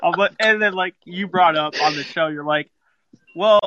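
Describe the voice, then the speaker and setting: Male co-host, joking banter, slightly higher voice, dry muffled lo-fi sound. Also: sharp tone, dry recording. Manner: quick joking banter, laughs. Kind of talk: casual sports chat. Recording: dry, dull lo-fi audio.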